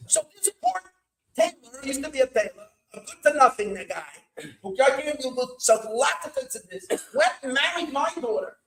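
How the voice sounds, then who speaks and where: A man spins a story as a rabbi at an evening gathering, animated and full of repeats and Yiddish words. His voice runs high with wide swoops in pitch. The hall rings with echo. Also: moderate pace.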